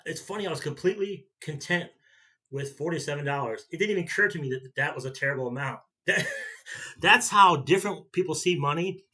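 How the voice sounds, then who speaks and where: Bright-voiced man in his fifties rambling. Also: on the high side, a little fast, husky. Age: 50s. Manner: rambling storyteller who repeats and restarts himself. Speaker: vlogger. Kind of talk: casual chat.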